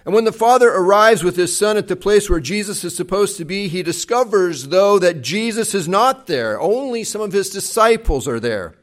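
A man preaching a sermon, retelling a Bible story with dramatic swings between loud acted quotes and soft, hushed passages. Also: high voice, animated, moderate pace, hardly any pauses. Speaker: pastor.

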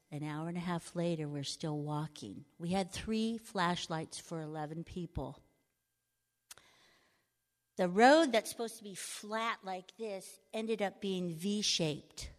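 A woman telling a mission trip story to a congregation. She laughs easily as she talks. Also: medium pitch. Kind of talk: storytelling testimony. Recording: long hall reverb.

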